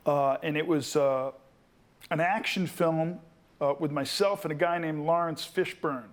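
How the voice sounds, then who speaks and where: Animated man telling a story. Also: a little high, unhurried. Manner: animated storyteller, acts out voices in quotes. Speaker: guest actor. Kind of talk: storytelling to a student audience.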